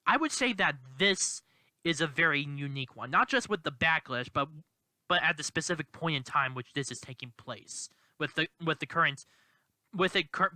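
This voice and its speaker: A man giving political commentary in a vlog, halting and indignant, with many restarts. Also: fairly high pitch, sharp tone, no echo. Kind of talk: commentary vlog, reading quotes aloud.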